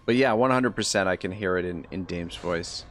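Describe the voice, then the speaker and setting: This Canadian-accented streamer gives live commentary on a strategy game, reading chat messages aloud and chatting with viewers in a rambling way with plenty of fillers and restarts. His voice sits low, and he talks a little fast.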